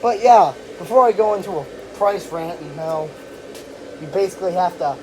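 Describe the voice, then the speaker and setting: Rambling, self-deprecating hobby reviewer, casual and offhand; recorded beside a car with a loud background hum. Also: medium pitch, normal speed, poor audio. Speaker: inflatable decoration reviewer. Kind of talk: casual spoken product review.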